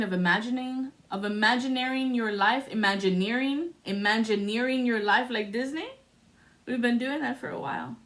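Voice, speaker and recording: A woman's voice: mid-range voice, fairly bright tone. A woman giving a spiritual tarot reading to camera, talking in a rambling, musing way and often breaking into laughter. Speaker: tarot reader.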